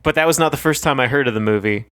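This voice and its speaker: Smooth-voiced, rambling male co-host. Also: mid-range voice, rapid-fire, a bit bright, no room sound, studio quality. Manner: rambling, hesitant storytelling with many fillers. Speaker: podcast co-host. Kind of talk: casual chat.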